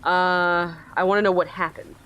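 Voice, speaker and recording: A woman's voice: lowish voice, flat delivery, moderate pace, fairly bright tone, clean tone. A woman giving casual, rambling let's-play commentary while playing a story game. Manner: rambling, chatty, self-aware. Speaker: gaming video host.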